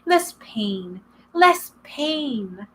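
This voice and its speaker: A woman reading aloud and voicing a monstrous gorgon who hides as a sweet old lady, speaking in a slow, hushed, soothing purr. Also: fairly high pitch, very animated, full character voice.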